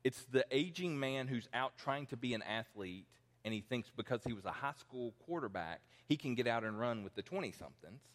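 A man's voice: mid-range voice, animated, fairly quick, hardly any pauses. A pastor in his forties preaching a conversational sermon, acting out the people he quotes. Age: 40s. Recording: long reverb in a large hall.

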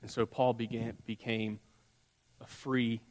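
A man preaching a sermon as pastor, telling a story with dramatic pauses and soft drops. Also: medium pitch, flat delivery. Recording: long hall reverb.

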